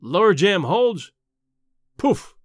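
A man's voice: high voice, big pitch swings, slow pace, no echo, clean studio sound, heavily acted. A man voicing a cocky, nonchalant young prospector who speaks in a drawl.

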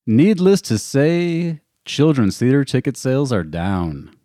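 A man's voice: medium pitch, very animated, unhurried, dark tone, dry recording. Dry-witted man podcast co-host. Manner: dry, teasing humor. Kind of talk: casual chat.

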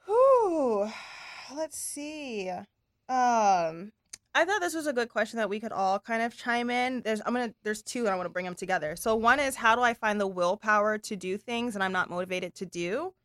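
A woman's voice: medium pitch, brisk, fairly bright tone, dry recording, clean studio sound. A woman hosting a podcast, chatty and loose, reading out listener questions. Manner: chatty, loose, lots of fillers. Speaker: podcast host. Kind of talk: casual podcast chat.

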